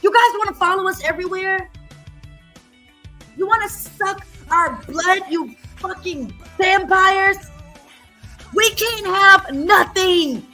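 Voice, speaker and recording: A woman's voice: extremely high pitch, slow pace, pushed and bright, soft background music. A woman hosting a livestream, talking in a blunt, profane, repetitive rant. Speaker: livestream host.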